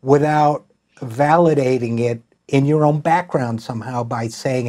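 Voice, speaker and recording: A man's voice: medium pitch, measured pace, dark tone. A middle-aged man from Utica, hosting an interview and asking long, musing, rambling questions. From Utica, New York. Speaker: host. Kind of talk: interview host conversation.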